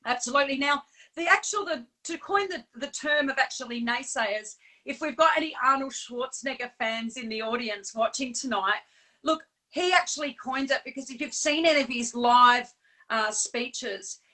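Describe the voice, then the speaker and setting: A woman co-hosting a casual live chat in a chatty, animated way, with frequent fillers and laughs. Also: sits high, moderate pace, rough recording. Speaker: co-host.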